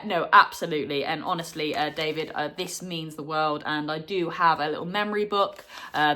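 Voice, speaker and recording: A young adult woman hosting a retro gaming vlog, talking to viewers in a heartfelt, chatty way, full of fillers and quick laughs. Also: sits low, fairly bright tone. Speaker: retro gaming channel host. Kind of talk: casual vlog chat to viewers.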